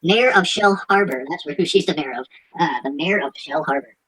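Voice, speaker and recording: A podcast host with a low, fairly bright, husky voice chats casually at normal speed, crude and profane, mocking things and laughing often. She stumbles when reading aloud, and the recording quality is poor.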